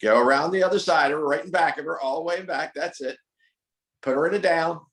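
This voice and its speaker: A man's voice: a little high, fast talker, fairly bright tone, reverberant, low-quality recording. A man coaching a dog owner through training drills, firm and corrective, repeating his instructions. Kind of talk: hands-on coaching over a call.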